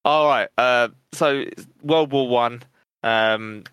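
A man co-hosting a casual gaming podcast, easygoing and quick to giggle. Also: mid-range voice, fairly bright tone, smooth, no echo. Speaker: podcast co-host. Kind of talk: casual chat.

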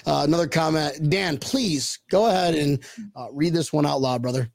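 A man's voice: fairly high pitch, moderate pace, creaky, dry recording. A man hosting a casual chat, joking and swearing, with lots of stammering restarts. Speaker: podcast host.

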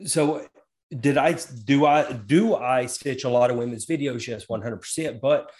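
A middle-aged man chats casually on a podcast. He is easygoing and folksy, and drifts into side remarks. His voice sits at an ordinary middle pitch. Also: normal speed, darkish tone. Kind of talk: casual chat.

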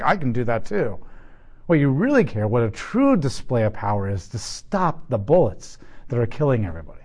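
Animated man teaching a Bible lesson. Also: on the high side. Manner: animated, joking asides, rhetorical questions. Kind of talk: sermon.

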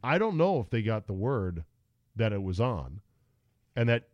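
A man's voice: on the low side, unhurried, no echo, dull audio. A middle-aged man hosting a podcast, telling stories in a casual, sarcastic way. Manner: animated storyteller, sarcastic. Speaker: podcast host. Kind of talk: casual chat.

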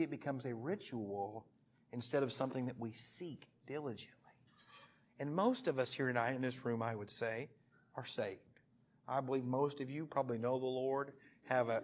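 A man in his thirties preaching a sermon to a church group, telling jokey stories and breaking into sudden loud bursts. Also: mid-range voice, moderate pace. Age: 30s. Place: church meeting room.

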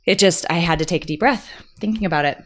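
A woman's voice: on the low side, fast talker, a bit bright. A woman in her thirties hosting a podcast, talking in an upbeat, emphatic and earnest way. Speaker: podcast host. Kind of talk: casual conversation.

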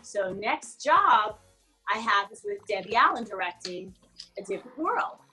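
A woman in her forties, an actress being interviewed, telling stories about her career in a relaxed, chatty way and laughing often. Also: mid-range voice, measured pace, slightly rough, soft background music. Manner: laughs often, animated storytelling. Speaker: guest actress. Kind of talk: casual interview chat.

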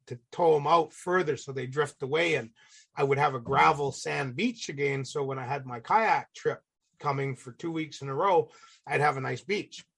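A middle-aged man telling a casual, salty story as a podcast guest, acting out the people in it with animated voices. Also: fairly high pitch, vocal fry, husky.

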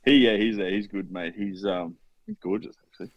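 A man's voice: lowish voice, steady tone, fairly quick, dry recording, highs cut off. An Australian man co-hosting a podcast, bantering bluntly with swearing and trailing ums. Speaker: podcast co-host. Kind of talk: casual chat.

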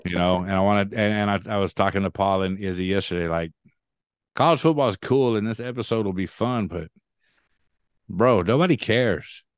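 A man's voice: lowish voice, normal speed, clear, resonant tone, no room sound, studio quality. A man hosting a casual podcast, easygoing and thinking aloud, often repeating words as he talks. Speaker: podcast host. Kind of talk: casual chat.

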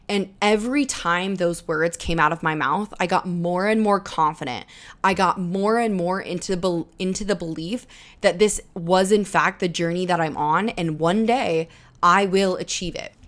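A young woman in her twenties hosting a solo podcast, talking earnestly and encouragingly, straight to the listener about changing your mindset. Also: fairly low pitch. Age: 20s. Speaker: podcast host. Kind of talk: solo motivational podcast talk.

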